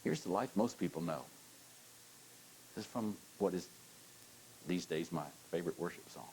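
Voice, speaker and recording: A male pastor delivers a sermon. He coaxes his listeners into repeating lines after him and pushes them with playful, animated encouragement. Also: low-pitched, moderate pace, long pauses, breathy edge, poor audio. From United States.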